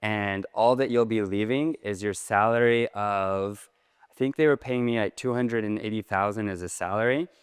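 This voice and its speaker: A man tells a personal story to a crowd in a large hall, animated and packed with casual fillers. His voice sits on the low side and comes through smooth and resonant. A long hall reverb trails behind his words. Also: normal speed, clean studio sound. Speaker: speaker. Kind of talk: storytelling talk.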